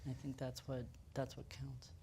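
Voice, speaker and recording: A woman with a notably low voice tells her stories on a panel. She acts out the quotes with animated swings and laughs often, and there is a faint hiss under her voice. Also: normal speed. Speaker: camera rental house manager. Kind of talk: panel discussion storytelling.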